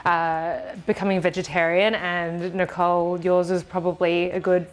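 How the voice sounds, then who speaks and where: A woman's voice: on the low side, flat delivery, normal speed, a little hiss or hum. Chatty woman walking through a recipe. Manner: explains steps plainly, with fillers and giggles. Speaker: cooking show co-host. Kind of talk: casual cooking chat. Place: home kitchen.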